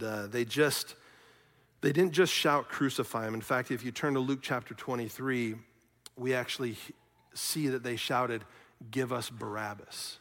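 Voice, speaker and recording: Gravelly preacher in a reverberant hall. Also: male voice, medium pitch. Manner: earnest, builds to loud questions then drops soft. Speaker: pastor. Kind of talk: sermon. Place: church sanctuary.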